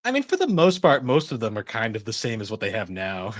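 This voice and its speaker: A man's voice: on the low side, wildly swooping pitch, brisk, no echo. A young adult man co-hosting a podcast in casual chat, rambling and swearing freely. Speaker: podcast co-host.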